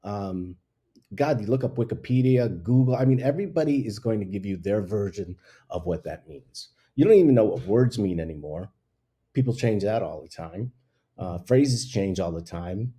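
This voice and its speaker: A man's voice: lowish voice, lively intonation, moderate pace, warm tone, breathy edge. A man hosting his own talk show, ranting bluntly in casual opinion talk and laughing at himself. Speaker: show host.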